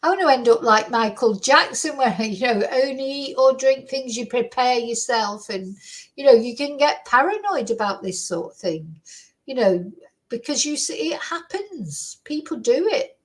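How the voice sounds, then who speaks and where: A woman's voice: fairly high pitch, lively intonation, normal speed, low-quality recording. Chatty woman rambling. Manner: chatty, rambling, many fillers and tag questions. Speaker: true crime commentary channel host. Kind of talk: casual chat to camera.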